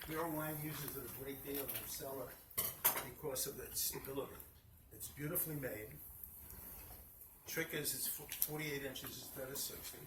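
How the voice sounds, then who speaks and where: Chatty man teaching in a noisy shop. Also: medium pitch. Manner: chatty storytelling, repeats himself. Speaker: fabric shop owner teaching a class. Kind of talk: informal hands-on demonstration. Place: fabric shop, indoors. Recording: roomy, distant mic, noisy shop.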